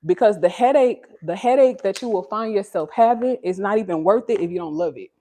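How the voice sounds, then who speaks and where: A woman's voice: a little fast, mellow. A woman from Texas hosting a casual livestream from home on her phone. She talks straight to her viewers in an earnest, preachy way. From Texas, USA. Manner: high sing-song baby talk to her child. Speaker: livestream host.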